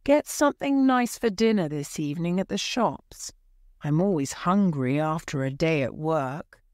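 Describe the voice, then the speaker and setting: A cheerful young son in a storybook reading, as a woman reads his lines. The voice is slow and unhurried, with a close, dry sound. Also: low-pitched, animated, a little mellow, no room sound.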